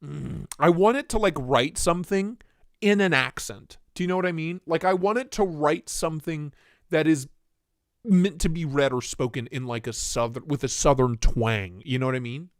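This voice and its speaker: A man's voice: fairly high pitch, moderate pace, no room sound, clean studio sound. A man hosting a casual livestream, joking and reading chat aloud in a playful way. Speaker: livestream host.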